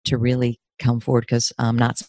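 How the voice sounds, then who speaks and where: A woman's voice: normal speed, dry recording, studio quality. A woman in her fifties from New York State, a therapist and career coach, talking candidly and with feeling in an interview. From New York State, USA. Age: 50s. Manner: emotional, expressive, pitch rises when moved.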